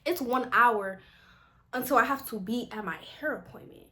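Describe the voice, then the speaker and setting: A young adult woman vlogger telling a casual storytime, animated and exasperated, full of slang. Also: on the high side, normal speed.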